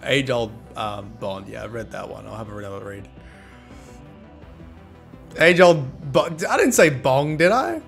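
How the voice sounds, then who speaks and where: A man streams a game and banters with his chat in a cheeky, joking way. He talks at a slow, unhurried pace in a mid-range voice. Faint game music plays behind him. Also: medium pitch, expressive, vocal fry, fairly bright tone. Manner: cheeky, joking, thanks viewers, teases chat. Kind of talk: casual live-stream chat with viewers.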